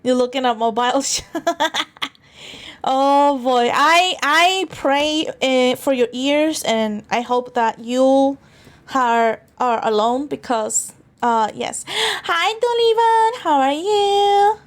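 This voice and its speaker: A high-voiced woman talks loosely to her stream chat, giggling between rambling, crude jokes. She trips over her words and restarts often, teasing the viewers as she goes. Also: takes it slowly. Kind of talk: casual livestream chat.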